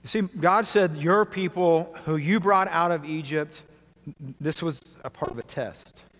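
A male pastor preaching a sermon to a congregation, earnest, often dropping quietly for emphasis. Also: fairly high pitch, measured pace. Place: church sanctuary. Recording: long hall reverb.

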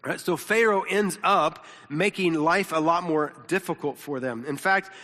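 A man's voice: a little high, a little slow, pushed and bright. A pastor teaching a sermon in a casual, conversational way, often repeating words and checking in with his listeners. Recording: long reverb of a large hall.

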